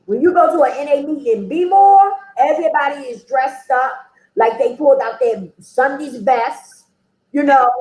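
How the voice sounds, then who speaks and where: A woman talks candidly through her own story, speaking in a frank, conversational way with plenty of "you know." Her voice sits a little high. The recording has a roomy echo. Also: normal speed, darkish tone. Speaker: interview guest.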